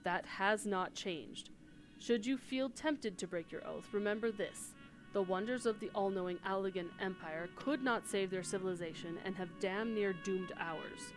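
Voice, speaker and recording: An actor playing a gruff, principled engineer chief in a game cutscene, speaking firmly and earnestly. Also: male voice, high voice, normal speed, faint music behind, natural voice. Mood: stern. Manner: firm, earnest. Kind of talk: voiced game cutscene dialogue.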